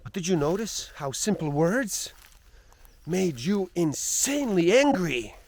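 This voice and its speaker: A man doing a calm, clever sheikh. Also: high-pitched, unhurried, pitched above the performer's own voice, heavily acted. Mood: gently explaining.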